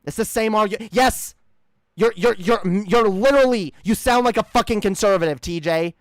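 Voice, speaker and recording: Dude ranting on stream, cursing a lot, smooth kinda high voice, super dry sound. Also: male voice, moderate pace, dry recording. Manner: profane, heated, rambling with restarts. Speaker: streamer reacting to a video. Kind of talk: ranting reaction commentary.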